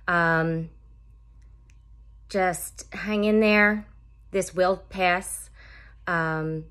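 Slow, gentle woman teacher. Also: on the low side. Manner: gentle, comforting, with fillers. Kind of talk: video message to students.

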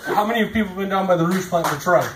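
In a small club, a man performs a stand-up set full of crude, profane stories, acting out quotes as he goes. His voice is high and he talks very fast over a noisy crowd, in an echoey room with audience noise.

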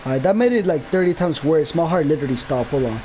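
A man's voice: a little high, animated, fast talker, mellow, a little hiss or hum, rough recording. A young man commentating his own gameplay of a horror map, jumpy, swearing a lot and yelping at scares. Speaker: gamer.

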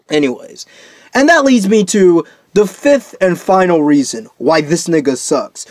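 A man's voice: sits high, no echo, clean studio sound. A young man delivering a profane, heated off-the-cuff commentary rant, full of restarts. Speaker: commentary YouTuber.

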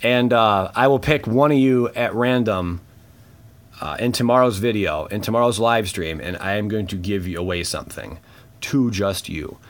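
A man hosting a casual card-opening video, talking in a relaxed, slangy way and reading card names aloud with quick bursts of excitement and muttered asides. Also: lowish voice. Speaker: channel host opening trading cards. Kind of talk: casual unboxing chat.

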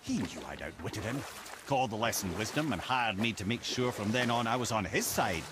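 A man's voice: fairly low pitch, animated, a little fast, natural voice. An actor playing a sly, worldly older male storyteller who tells tales with dry, wry asides, heard as game audio under noisy ambience.

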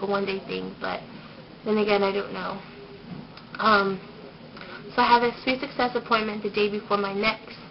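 A woman's voice: mid-range voice, vocal fry. A young woman giving a casual pregnancy update vlog, shy and rambling with lots of ums, getting over a cold. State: recovering from a cold. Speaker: vlogger. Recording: dull lo-fi home video with noise.

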